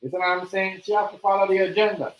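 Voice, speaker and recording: A man with a high, steady voice speaks fast while hosting a livestream, addressing viewers directly in loose, repetitive casual commentary. The recording is echoey and distant, with faint noise and the highs cut off.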